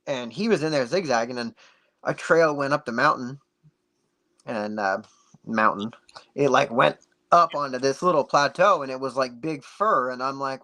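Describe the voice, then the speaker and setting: A man guest on a podcast, telling a story in a casual, animated way and acting out the dialogue. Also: medium pitch, moderate pace. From United States. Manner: animated, acts out dialogue with many "like"s.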